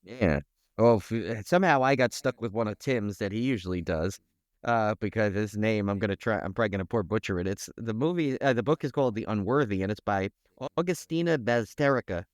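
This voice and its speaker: A man's voice: fairly low pitch, fairly quick, dry recording, clean studio sound. A man co-hosting a horror podcast, talking in a jokey, rambling way full of "like" and "uh". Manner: jokey, rambling, uses lots of "like" and "uh". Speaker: podcast co-host. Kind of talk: casual podcast chat.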